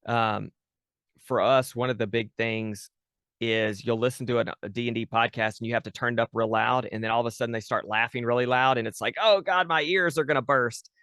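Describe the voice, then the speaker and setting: A man's voice: medium pitch, little pitch movement, brisk, a bit bright, no room sound, studio quality. A man chatting casually as a guest, talking about running his tabletop game podcast, with many fillers and restarts. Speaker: podcast dungeon master, guest. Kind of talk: casual interview chat.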